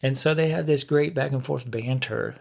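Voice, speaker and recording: A man with a gravelly, mid-pitched voice co-hosts a laid-back movie chat podcast. He agrees readily and recounts scenes in a relaxed, conversational way. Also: moderate pace. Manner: agreeable, answers with frequent short yeses. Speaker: podcast co-host. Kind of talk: casual movie review chat.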